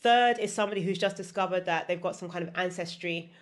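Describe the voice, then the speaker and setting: A woman with a slightly low voice talks through property investing as a podcast guest. She lays out her points as lists and keeps tagging them with "right?" and "exactly". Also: quick pace. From United Kingdom. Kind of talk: podcast interview.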